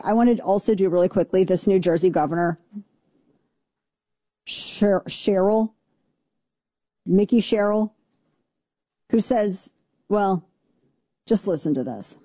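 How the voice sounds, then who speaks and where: A woman hosting a show, giving sassy, mocking political commentary in a quick, casual way. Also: medium pitch, mellow, no echo. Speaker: show host.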